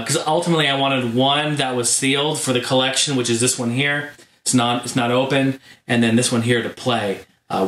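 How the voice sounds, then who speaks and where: A man hosting his gaming channel, telling a story in a casual vlog monologue, animated and full of fillers. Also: mid-range voice. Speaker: YouTube gaming channel host. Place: home room. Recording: roomy echo.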